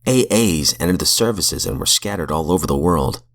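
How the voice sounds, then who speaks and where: A man reading aloud from a recovery book in a measured, earnest way, with brief asides, into a close mic in a small room. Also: low voice, expressive. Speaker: reader of recovery literature.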